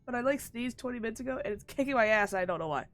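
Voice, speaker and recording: Talking very fast with lively intonation and a slightly high voice, a woman streams a video game from home through a desk mic. She's congested, blunt, swears plenty, and keeps laughing at herself in casual gaming chat.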